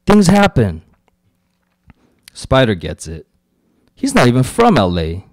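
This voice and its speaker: A man's voice: mid-range voice, wildly swooping pitch, slow pace, no room sound. A man reading his own fiction aloud at a live event, telling a first-person story with gritty street slang and brief put-on voices for quoted characters.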